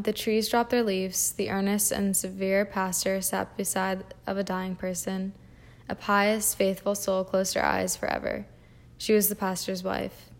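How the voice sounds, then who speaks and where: A woman reading a fairy tale aloud at a measured pace, with small slips and restarts. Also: medium pitch, level tone. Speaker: audiobook reader. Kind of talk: storybook reading.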